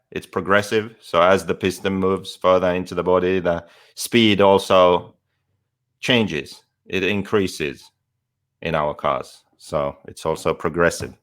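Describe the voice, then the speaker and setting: A man with a very low voice talks on a casual podcast. He lays out technical details methodically, one step at a time, in a relaxed chat style. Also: clear, resonant tone. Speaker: podcast co-host and expert.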